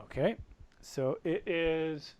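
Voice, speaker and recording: Game master for a tabletop game: a man with a slightly high voice and an unhurried delivery who narrates combat vividly. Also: a little mellow, clean tone.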